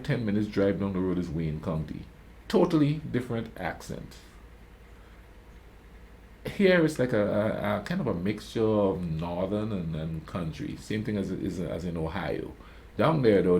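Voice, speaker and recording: A man hosting a reaction video, chatting in a relaxed, emphatic way about accents. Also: low voice, a little hiss or hum, rough recording. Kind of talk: casual commentary. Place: lives in West Virginia.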